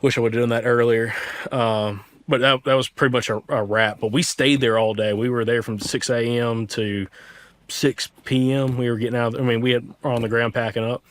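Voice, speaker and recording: Young man, from Alabama, podcast host, casual rambling story, medium pitch. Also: normal speed. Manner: rambling, animated retelling with quoted dialogue.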